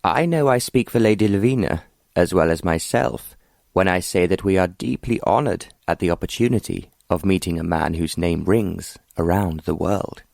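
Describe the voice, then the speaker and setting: A man's voice: deep voice, normal speed, gravelly, a little mellow, no echo, studio quality. A man voicing a protective older earl who speaks in an effusive, formal way.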